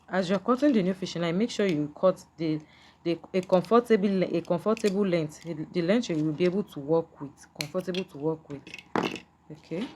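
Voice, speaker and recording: Low-voiced woman teaching a beading craft. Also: darkish tone, slight background noise. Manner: patient, repetitive, checks in with "can you see?". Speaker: beading tutor. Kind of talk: step-by-step craft tutorial.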